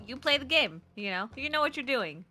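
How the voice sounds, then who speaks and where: Woman joking around on a stream, bright sharp voice, bit of music behind. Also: sits high, very animated, brisk. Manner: teasing, playful. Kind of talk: casual chat about games.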